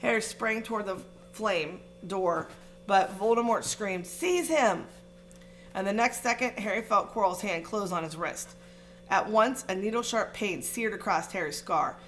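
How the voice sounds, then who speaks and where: A woman narrating a fantasy novel aloud in an expressive, dramatic reading style. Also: mid-range voice, normal speed, slight background noise. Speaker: audiobook reader. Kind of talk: storybook reading.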